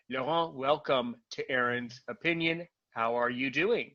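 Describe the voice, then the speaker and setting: A man hosts a podcast, and his bright, high voice has an upbeat, playful lilt. The sound is dry and a little muffled, with no room around it. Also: slow, no echo. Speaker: podcast host. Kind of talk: podcast interview.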